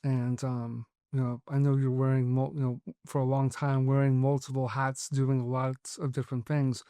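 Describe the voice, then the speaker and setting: A man hosts a podcast in a warm, clean, medium-pitched voice with a level tone and moderate pace, recorded at studio quality with no echo. His casual interview talk is loose and full of fillers like "like" and "you know."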